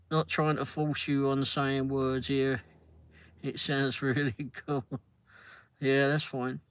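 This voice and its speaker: Slow and fairly even in intonation, this mid-range voice has a clean tone. It belongs to a middle-aged London man with a London English accent who rambles, jokes, and responds to chat comments on his casual livestream.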